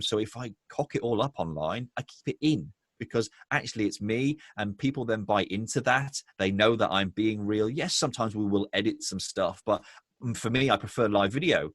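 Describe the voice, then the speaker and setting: Man, low voice, animated interview guest, acts out quotes, dry close sound. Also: no room sound. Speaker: guest, business owner. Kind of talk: conversational interview.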